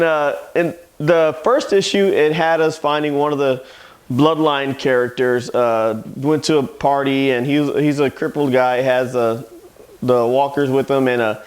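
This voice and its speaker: A man who owns a comic shop and hosts a casual review show, loosely retelling comic plots. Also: mid-range voice. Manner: loose, rambling plot retelling. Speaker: comic shop owner and host.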